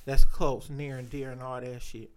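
A man's voice: mid-range voice, little pitch movement, moderate pace, a little mellow, a little hiss or hum. A man in casual chat, telling loose, profane stories full of slang.

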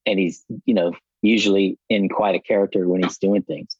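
A man guesting on a podcast as a film director, telling relaxed, reflective stories. His voice is on the low side for a man. The recording is dry and a little dull and lo-fi. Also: moderate pace, slightly rough, dry recording. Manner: relaxed, reflective, many fillers. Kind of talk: casual interview chat.

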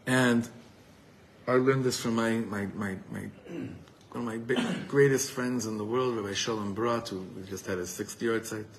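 Earnest rabbi addressing a gathering. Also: male voice, mid-range voice, fairly even intonation, normal speed, a little hiss or hum, low-quality recording. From Los Angeles, USA. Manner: earnest and heartfelt, repeats words while searching for them, weaves in Hebrew terms. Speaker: rabbi giving a talk. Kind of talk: live inspirational talk to a gathering. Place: evening gathering before a live audience.

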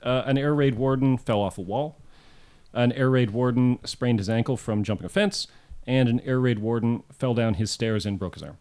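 A man co-hosting a history podcast, telling the story in a measured way and reading out quotes and details. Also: medium pitch, darkish tone, clean tone. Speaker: podcast co-host.

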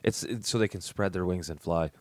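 Deep-voiced man rambling in casual chat. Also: brisk, background noise. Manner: rambling, laughs at his own jokes.

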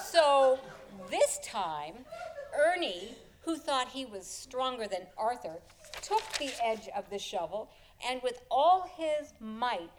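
Expressive woman telling a story. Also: a little high, slight background noise. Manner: expressive, chuckles through the telling. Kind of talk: live personal storytelling.

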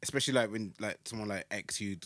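A man's voice: lowish voice, fast talker, a bit bright, no echo. A man co-hosting a casual podcast chat, laughing often. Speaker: podcast co-host.

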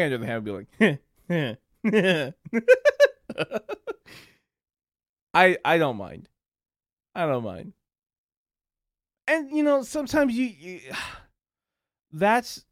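Lively young man ranting on a podcast. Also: fairly high pitch, no echo, studio quality. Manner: ranting, laughing often, crude; acts out quoted people in raised voices. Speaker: podcast host. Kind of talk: casual solo rant.

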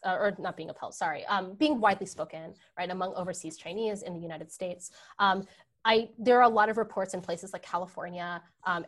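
A woman's voice: mid-range voice, a bit bright. A woman scholar answering audience questions in a talk, thinking aloud with many fillers and tag questions. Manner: hesitant, many ums and rights. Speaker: guest scholar. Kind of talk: academic Q&A answer.

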